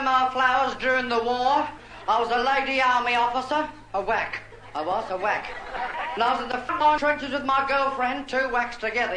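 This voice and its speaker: Brief: a man playing a brassy, chatty old showgirl, high voice, roomy club with crowd noise. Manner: bawdy, chatty, camp asides. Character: brassy bawdy aging showgirl, Lil. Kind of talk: stand-up drag comedy.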